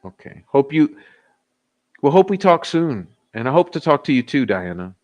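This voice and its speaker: A man's voice: medium pitch, sing-song, moderate pace, darkish tone, lo-fi sound. A man hosting a livestream, casually joking with his chat and laughing often, a little tipsy. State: tipsy, giggly. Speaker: livestream host. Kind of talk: casual live chat sign-off.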